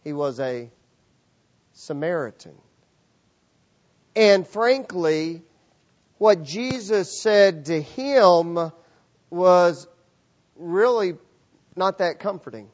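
A man preaching a sermon to a congregation, lively and acting out the voices of the people in his story. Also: high-pitched, extremely slow, long pauses, highs cut off. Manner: animated, acts out voices of characters. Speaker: pastor. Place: church.

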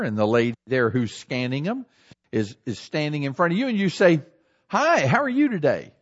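A man preaching a sermon as a pastor, animated and acting out everyday scenes in shifting voices. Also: mid-range voice, dull audio.

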